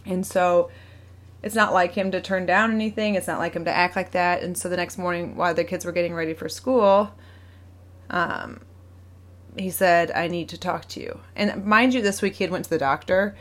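A woman's voice: lowish voice, fairly even intonation, moderate pace. Woman in her thirties, rambling personal story. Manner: rambling, with many fillers, self-corrections and acted-out quotes; clears her throat often. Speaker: vlogger. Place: at home.

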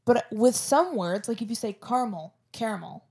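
A woman's voice: a little high, animated, moderate pace, warm tone. Chatty young woman with a Florida accent. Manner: chatty, jokey, peppered with "like" and "um". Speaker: podcast co-host. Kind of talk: casual chat. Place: home podcast setup.

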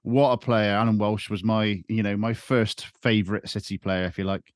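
A man's voice: fairly low pitch, level tone, normal speed, dry recording, clean studio sound. A man hosting a football podcast, steering the chat with his guests in an enthusiastic way. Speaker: podcast host. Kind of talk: casual podcast interview.

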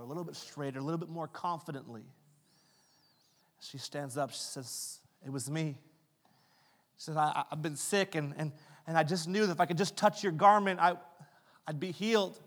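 A man preaching a sermon as a pastor. He retells Bible stories in a conversational way, acting out the characters, then builds to loud, impassioned climaxes. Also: a little high, fairly quick. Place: church sanctuary. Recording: long hall reverb with faint music. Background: faint keys or guitar.

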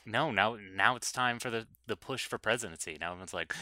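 A man's voice: fairly low pitch, quick pace, pushed and bright, no room sound, studio quality. A man co-hosting a casual podcast, wry and sarcastic. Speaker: podcast co-host. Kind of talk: casual chat.

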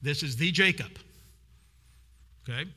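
Bright-voiced preacher in a reverberant hall. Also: male voice, fairly high pitch, unhurried, slightly rough. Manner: storytelling, acts out the woman's voice. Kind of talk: sermon.

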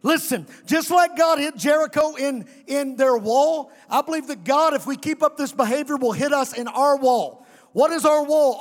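A male pastor preaching a fiery sermon to a congregation, sometimes shouting and chanting his lines. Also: extremely high pitch, big-room sound. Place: church sanctuary.

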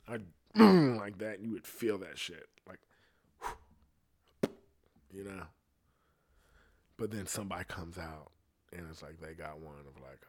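A man, a singer, in a loose, rambling monologue, full of swearing and meandering asides. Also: fairly low pitch. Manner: profane, meandering, laid-back storytelling. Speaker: singer talking on a podcast.

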